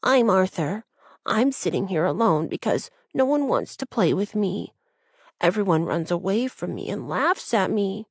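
A woman's voice: a little high, big pitch swings, unhurried, dry recording, studio quality, full character voice. A woman voicing a lonely, miserable little male fox in a children's audiobook. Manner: miserable, hesitant.

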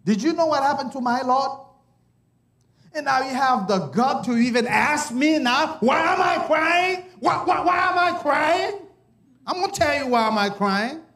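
A man's voice: very high-pitched, animated, measured pace, a bit bright, voice pushed up, full character voice. A man preaching a sermon, voicing a grieving woman who indignantly questions and protests. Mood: indignant grief.

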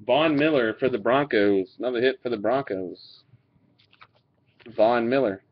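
A man's voice: mid-range voice, unhurried. A man casually opening card packs, reading out each card and swearing now and then. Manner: laid-back, swears and laughs while reading out cards. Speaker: card breaker. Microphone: webcam mic. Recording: dull lo-fi webcam audio.

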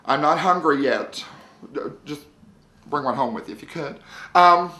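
A performer playing Mary, a distraught, whiny trailer-park wife who leaps into high wails and complains crudely in a comic home-tour monologue. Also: moderate pace, pushed and bright, close to an everyday voice. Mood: whiny, aggrieved. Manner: melodramatic, wailing pitch leaps, self-pitying, crude. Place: indoors at home, house tour. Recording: echoey room.

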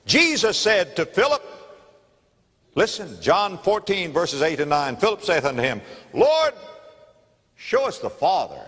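Emphatic Southern preacher in echoing church. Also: male voice, a little high, very animated, moderate pace, a bit bright. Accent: Southern American. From Florida, United States. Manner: emphatic preaching, repeating key phrases for weight. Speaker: pastor. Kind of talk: sermon. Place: church sanctuary. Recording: reverberant church hall.

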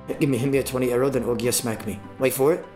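A man streaming live gameplay, trash-talking and swearing a lot, with sudden bursts of yelling as he coaches viewers through fights. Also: mid-range voice, steady tone, racing, soft background music.

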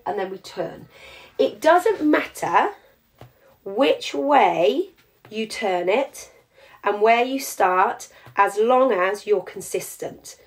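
A woman, teaching a jewellery craft in a chatty live demonstration and explaining each step as she works. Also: medium pitch. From England.

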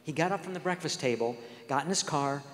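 A man's voice: a little high, quick pace. A man preaching a sermon, telling stories earnestly and acting out the dialogue. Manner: earnest storytelling, acts out quoted dialogue. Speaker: guest speaker. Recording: long hall reverb.

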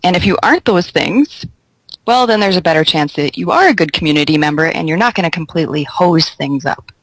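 A woman's voice: sits low, expressive, a little fast, dry recording, poor audio. A woman with a Minnesotan accent chatting casually on a panel podcast, joking and swearing freely. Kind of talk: casual chat.

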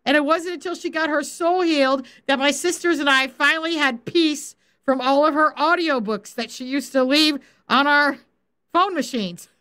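A woman faith coach giving informal Bible teaching, animated, laughing and acting out quotes as she talks. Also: high voice, moderate pace.

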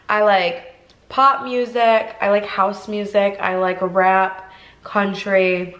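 Young woman vlogger from Ohio, chatty and rambling, mid-pitched, recorded in an echoey car. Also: lively intonation, slow pace, a bit bright. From Ohio, USA. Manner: chatty, rambling with many fillers. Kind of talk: casual mukbang chat. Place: inside a car.

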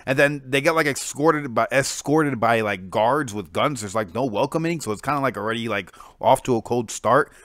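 Excitable young man gushing about comics. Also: medium pitch, normal speed, few pauses, no echo, clean studio sound. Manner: excited, slangy, lots of "like" and "freaking". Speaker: comic book reviewer, channel host. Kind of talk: casual comic review.

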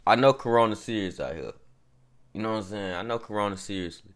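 A man's voice: fairly low pitch, expressive, a little fast. A man hosting a reaction video, talking straight to his viewers in a rambling, profane, casual way, just woken up.

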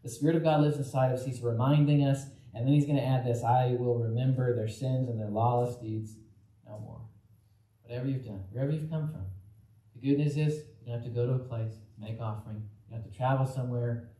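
A man's voice: mid-range voice, fairly even intonation, a little fast, mellow, echoey room, low-quality recording. A man preaching a casual, conversational sermon as pastor, with many fillers and restarts and acted-out quotes. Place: church sanctuary.

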